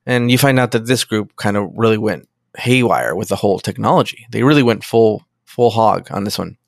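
A man's voice: fairly low pitch, lively intonation, fairly quick, creaky, no echo, studio quality. A man in casual podcast chat, rambling as he retells a story and swearing often. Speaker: podcast co-host.

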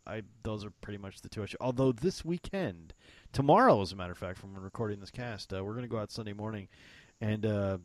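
Laughing, cursing man with a low voice. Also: quick pace, dry recording. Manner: laughing, profane, animated storyteller. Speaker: podcast co-host. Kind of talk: casual chat.

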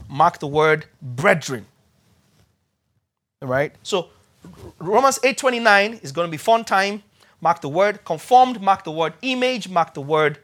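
A man preaching a sermon, repeating key words for emphasis and spelling out terms slowly. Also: a little high, a bit bright.

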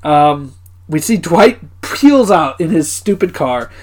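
A man's voice: a little high, sing-song, slow. A man co-hosting a podcast who casually recaps episodes, laughing often and swearing now and then. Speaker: podcast co-host.

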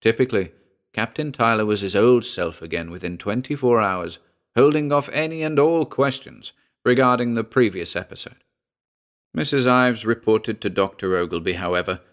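A man narrating a pulp short story aloud in a steady, measured reading voice. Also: on the low side. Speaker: audiobook narrator.

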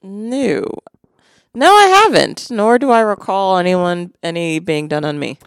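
A woman co-hosting a podcast, chatting casually and telling stories haltingly with fillers. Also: lowish voice, lively intonation, clear, resonant tone, no room sound. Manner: halting, hesitant storytelling with fillers. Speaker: podcast co-host. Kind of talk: casual chat.

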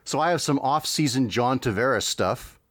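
A man's voice: medium pitch, lively intonation, moderate pace, a bit bright, dry recording, clean studio sound. A man hosting a podcast, chatting casually with many fillers and restarts. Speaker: podcast host.

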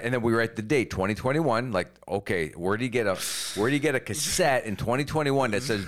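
A man's voice: mid-range voice, quick pace, few pauses, a bit bright. A man co-hosting a comedy podcast, rambling through absurd schemes in casual chat. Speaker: podcast co-host.

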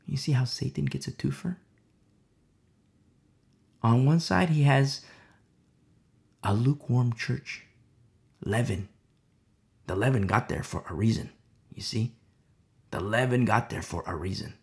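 A man's voice: mid-range voice, a little slow, creaky, long pauses. A man preaching a sermon in an emphatic style, often checking in with the listeners. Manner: emphatic, keeps asking "you see?".

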